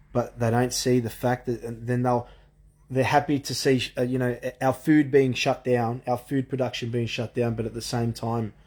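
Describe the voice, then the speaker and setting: A man's voice: mid-range voice, a little mellow. A man delivering a frustrated, profane monologue rant full of restarts. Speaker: vlogger. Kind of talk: ranting monologue.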